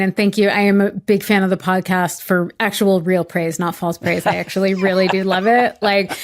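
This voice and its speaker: A woman in her forties with a light Boston accent, an author talking casually on a podcast, laughing often and using many "like"s. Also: medium pitch. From Massachusetts, USA. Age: 40s. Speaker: author guest. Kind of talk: podcast interview.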